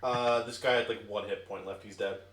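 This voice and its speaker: A man's voice: fairly low pitch, steady tone, brisk, fairly bright tone. A young man narrating a tabletop game as game master, in a casual, wry way.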